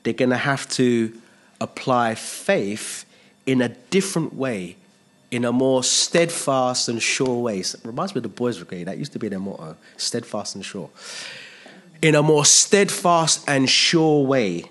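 An earnest pastor preaches a sermon in a medium-pitched voice at normal speed. His delivery is emphatic, built on repeated phrases and rhetorical questions.

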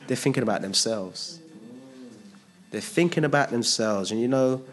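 A man preaching a sermon, animated, acting out quotes in different voices and laughing at himself. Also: medium pitch, moderate pace, faint music behind.

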